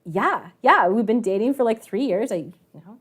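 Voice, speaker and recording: Excited nervous young man, played by a woman teacher in a classroom anecdote. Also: a little high, normal speed, husky. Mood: eager. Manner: eager, flustered.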